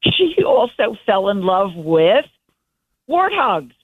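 A woman's voice: medium pitch, very animated, slow, no room sound. An older woman, a guest journalist, telling stories enthusiastically in a casual interview over the phone. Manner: enthusiastic, meandering storytelling. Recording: dry tinny phone line.

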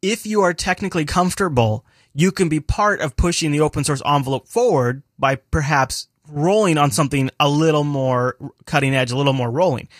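Slightly high-voiced man in his thirties. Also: a little fast, few pauses, dry recording, studio quality. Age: 30s. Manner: thoughtful, hesitant, with many restarts. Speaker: podcast co-host. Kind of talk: casual chat, reading listener mail.

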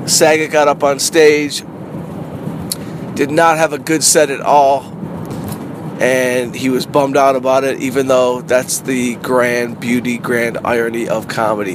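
A middle-aged man, a comedian, talking casually in a car in a rambling, animated way that repeats phrases. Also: medium pitch. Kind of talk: casual car vlog monologue. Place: inside a parked car. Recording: noisy street ambience.

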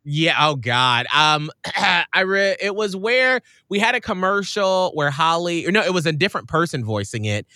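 A man's voice: fairly high pitch, normal speed, hardly any pauses, dry recording, clean studio sound. A man, a radio show host, telling stories in casual chat and acting out the voices he quotes. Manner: animated, acts out quoted voices.

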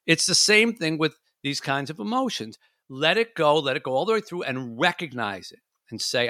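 A man's voice: a little high, moderate pace, few pauses, dry recording, clean studio sound. A man hosting a casual talk show, chatting and acting out his own inner voice. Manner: animated, acts out his inner voice. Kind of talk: casual chat.

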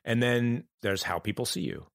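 A man talking as a podcast guest, reflective and halting, often restarting his sentences as he thinks aloud. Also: medium pitch, creaky, no echo, clean studio sound. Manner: halting, thoughtful, many restarts. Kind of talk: reflective conversation.

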